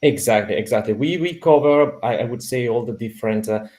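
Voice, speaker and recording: A man's voice: mid-range voice, animated, fairly quick, a little mellow. A man with an Italian accent, speaking as a podcast guest in a hesitant way, with many fillers and restarts. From Italy. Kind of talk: conversational interview.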